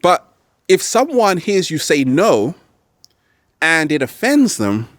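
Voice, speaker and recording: Lively guy doing a motivational vlog outdoors, voice jumps around, bit high, dry close sound. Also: takes it slowly, dry recording. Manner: animated, playful, slips into exaggerated quoted voices. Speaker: vlog host. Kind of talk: motivational talk to camera. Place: outdoors in nature.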